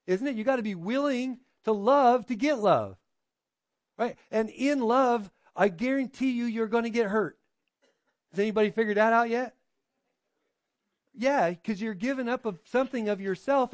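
A man preaching a sermon in a conversational way, often asking the congregation "right?" and acting out quoted voices. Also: dry recording. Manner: acts out quoted voices with drops in pitch. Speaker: pastor.

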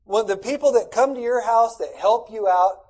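A middle-aged man preaches in a relaxed, folksy way, full of asides and questions to his listeners. His voice sits high for a man and carries a husky, slightly breathy edge. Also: normal speed, rough recording. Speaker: pastor. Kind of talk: sermon.

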